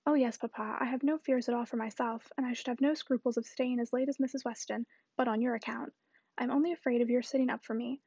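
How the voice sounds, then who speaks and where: A woman reading the lines of a confident young gentlewoman reassuring her father. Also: fairly high pitch, steady tone, quick pace, creaky, husky, dry recording, muffled recording.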